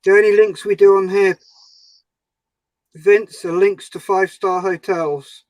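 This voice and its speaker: A man's voice: sits high, little pitch movement, measured pace, a little mellow, dry recording, rough recording. A man hosting a model-building livestream, bantering and teasing his friends on a group call. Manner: teasing, jokey.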